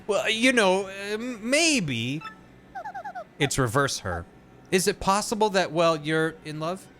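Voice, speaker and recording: A man doing a high, feisty young princess. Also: big pitch swings, takes it slowly, fairly bright tone, faint music behind, heavily acted. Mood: earnest.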